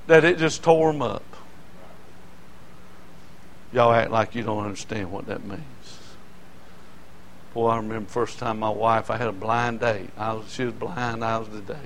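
An older preacher with a high, bright voice gives an animated sermon full of folksy stories from the pulpit, now and then breaking into shouts.

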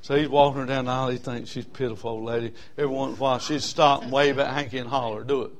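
A man, telling a story in a sermon in a folksy, animated way, with bursts of whooping. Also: mid-range voice, rapid-fire, noisy background. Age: 60s.

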